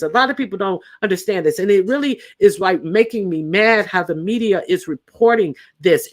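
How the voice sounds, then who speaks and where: A woman hosting a live stream, talking bluntly and with lots of restarts as she recounts a news story. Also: medium pitch. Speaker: channel host. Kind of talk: casual live-stream commentary.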